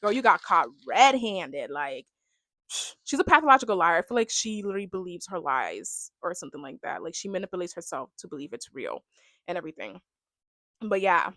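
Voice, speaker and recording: A woman's voice: lowish voice, sing-song, fairly quick, vocal fry, pushed and bright, dry recording, studio quality. A young woman giving a casual, rambling recap of a reality show, filling her talk with "like" and "you know.". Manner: chatty, rambling, heavy use of "like". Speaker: reality TV reaction vlogger.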